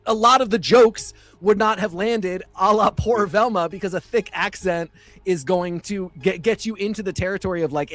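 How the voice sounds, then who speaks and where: A man's voice: sits high, dry recording. A man co-hosting a casual podcast, talking at length with many fillers and asides. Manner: chatty, digressive, many fillers. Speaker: podcast co-host. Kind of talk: casual chat.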